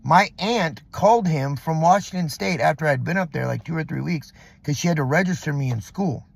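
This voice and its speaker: This vlogger, a middle-aged Southern Californian, rambles and curses through a filler-laden vent session in a parking lot. His voice sits a little high and husky, fairly quick with vocal fry and few pauses.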